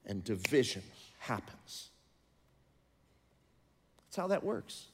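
A middle-aged man preaching as a pastor, moving between loud, emphatic passages and quieter, confiding talk. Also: on the low side, very animated, takes it slowly, background noise. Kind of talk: sermon. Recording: long reverb of a large hall.

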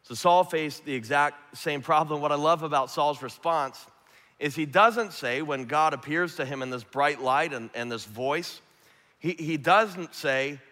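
A man preaching a sermon, earnest, swinging from emphatic to hushed and soft. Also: on the high side, unhurried. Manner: earnest, rising to emphatic then dropping to hushed. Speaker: pastor. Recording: long hall reverb.

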